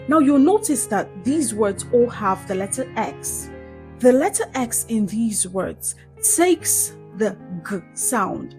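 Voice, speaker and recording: A woman teaching a pronunciation lesson, correcting common mistakes and repeating each word slowly for practice. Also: medium pitch, expressive, a little mellow, low-quality recording. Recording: faint background music.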